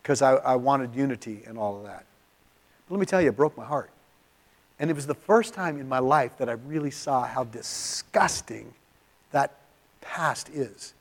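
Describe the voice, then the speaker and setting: A middle-aged man from California preaching in a church, telling a personal story in an emotional, confessional way, often dropping to a near-hush. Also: medium pitch, lively intonation, moderate pace. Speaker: pastor. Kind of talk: sermon storytelling.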